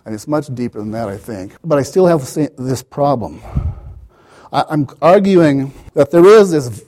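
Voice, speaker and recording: A man's voice: mid-range voice, expressive, moderate pace, dark tone. A man giving an academic lecture as the author, digressive, with wry asides and many "you know" fillers.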